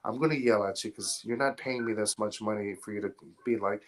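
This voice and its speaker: A man's voice: fairly low pitch, steady tone, a little fast. A man as a podcast guest, talking bluntly and profanely in casual chat, rambling through stories. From Atlanta area, US. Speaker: podcast guest, film installer.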